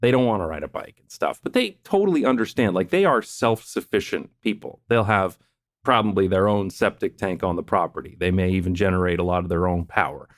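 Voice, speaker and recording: A man hosting a podcast, explaining his points in a measured, chatty way and laughing between them. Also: deep voice, animated, no room sound, studio quality. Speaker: podcast host. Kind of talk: casual interview chat.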